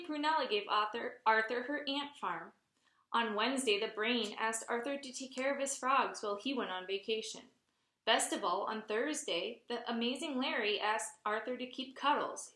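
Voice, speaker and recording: A woman reading a picture book aloud in a clear, expressive storytelling manner. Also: fairly high pitch, roomy sound. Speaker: reader.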